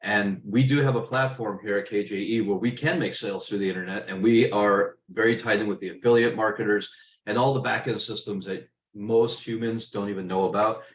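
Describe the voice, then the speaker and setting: A man's voice: on the low side, echoey room. A middle-aged man hosting a business webinar, telling stories in a conversational, emphatic way. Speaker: webinar host and business mentor. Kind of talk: webinar presentation.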